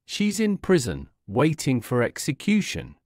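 A man voicing a nervous, hurried white rabbit who stammers with worry. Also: a little high, wildly swooping pitch, a little mellow, no room sound, clean studio sound, voice pushed up. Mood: anxious.

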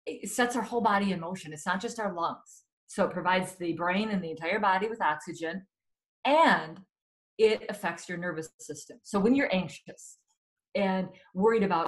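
A woman's voice: medium pitch, normal speed, rough recording. A woman speaking as an expert guest in a webinar conversation, earnest and explanatory, sometimes correcting herself mid-sentence.

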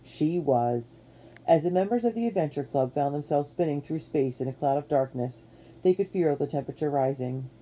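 A woman giving a measured, expressive narration of a children's storybook. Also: sits low, a little hiss or hum. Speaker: audiobook narrator.

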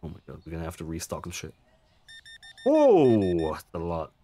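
A man's voice: low-pitched, wildly swooping pitch, normal speed, warm tone, slight background noise. A man casually commenting on his gameplay, chatty and jokey, swearing now and then and making asides to his viewers. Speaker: gaming streamer.

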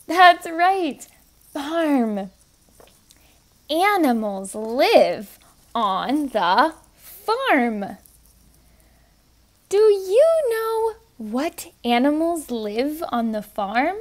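During children's story time, a young woman helps toddlers learn words, sounding each one out letter by letter in a sing-song voice and urging them to repeat it. She has a high voice with big pitch swings, stretches her words out, and pauses often.

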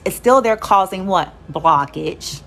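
A woman's voice: mid-range voice, expressive, unhurried, a bit bright, a little hiss or hum. Woman, casual motivational speaker; blunt, emphatic, conversational, drops the odd curse word. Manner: emphatic, conversational, peppered with "you know" and "okay?". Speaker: speaker sharing life advice. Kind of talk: casual motivational talk to camera.

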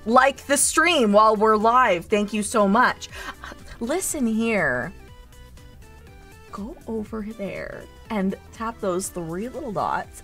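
A woman's voice: medium pitch, big pitch swings, slow pace, bright, forceful tone, faint music behind. A woman streamer hosting a cozy barista role-play, reading chat aloud in a teasing, playfully motherly way. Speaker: VTuber streamer, host.

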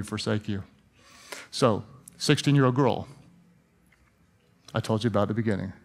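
A man's voice: medium pitch, creaky. A middle-aged man preaching as a pastor, telling stories earnestly and then praying with growing fervor. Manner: earnest storytelling, rising to fervent prayer. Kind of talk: sermon and prayer.

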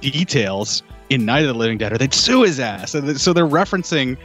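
A man's voice: mid-range voice, expressive, fairly quick, fairly bright tone, faint music behind. A man in a casual film review podcast chat, giving long, detailed, rambling explanations. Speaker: podcast co-host.

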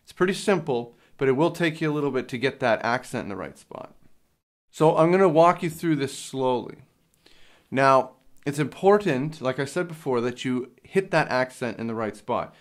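A man's voice: medium pitch, expressive, moderate pace. A young man teaching a drum lesson, explaining each step plainly, with some fillers along the way. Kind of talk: instructional lesson. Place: drum studio. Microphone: handheld field recorder.

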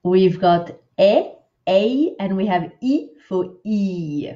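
A woman teaching French pronunciation speaks at an unhurried, deliberate pace in a low, mellow voice. She patiently models each word and repeats it, slipping in chatty asides between examples. The laptop recording sounds a little dull and lo-fi. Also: expressive. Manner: patient, models words slowly and repeats them. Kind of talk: online pronunciation lesson.

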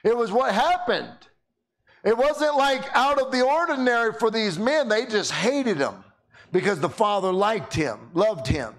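High, animated man preaching a sermon. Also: unhurried. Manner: animated, repeats words when starting sentences. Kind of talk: sermon with storytelling.

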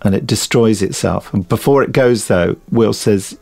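A man's voice: lowish voice, moderate pace, creaky, soft background music. A man co-hosting a casual podcast chat, telling anecdotes with frequent laughter. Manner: animated storyteller, laughs often, acts out quotes. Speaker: podcast co-host.

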